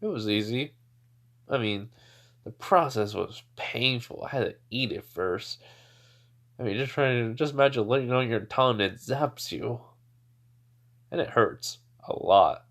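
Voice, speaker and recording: A cocky young fighter with a smug, teasing swagger, as a man reads him in a fan story. He boasts lightly in an everyday male voice of middle pitch, nothing fancy. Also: a little slow, pauses often, fairly bright tone.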